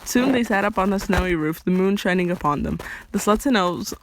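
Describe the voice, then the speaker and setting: A woman's voice: lowish voice, lively intonation, a little fast, a little hiss or hum. A woman casually reading a fan story aloud at home, giggling and breaking off with chatty asides. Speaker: story reader.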